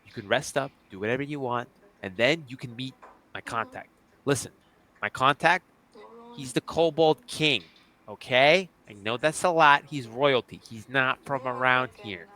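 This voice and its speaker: A man's voice: mid-range voice, normal speed, pushed and bright, close to an everyday voice. A man voicing a pushy male fixer in a tabletop fantasy game, who speaks insistently and keeps repeating "listen.".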